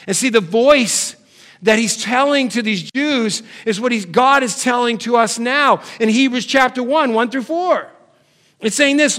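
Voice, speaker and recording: A man preaching a sermon, firing rhetorical questions at the congregation and swinging from loud calls to quiet, low asides, now and then putting on nagging family voices for laughs. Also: unhurried. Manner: puts on nagging family voices for comic effect. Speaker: pastor.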